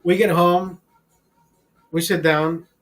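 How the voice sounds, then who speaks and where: A man in his fifties telling a personal story in a profane, rambling, animated way, full of restarts. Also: high voice, takes it slowly. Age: 50s. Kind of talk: casual storytelling.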